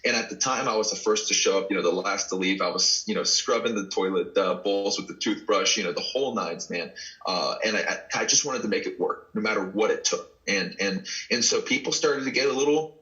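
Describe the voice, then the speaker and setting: A man from Dallas, Texas, a pro wrestler, telling stories in an earnest, animated way with many restarts in a casual interview. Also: fairly low pitch, brisk, muffled recording.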